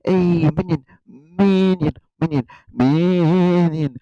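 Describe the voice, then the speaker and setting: A man voicing an excitable little yellow cartoon henchman creature, chirpy and repetitive. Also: high voice, extremely slow, lo-fi sound.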